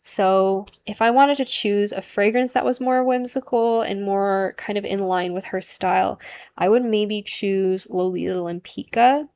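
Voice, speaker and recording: A woman records a relaxed vlog monologue about fragrances. She chats loosely and fills her sentences with "like" and "um." Her voice sits at an ordinary middle pitch. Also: unhurried, clear, resonant tone. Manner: chatty, many "like" and "um" fillers. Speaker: perfume vlogger.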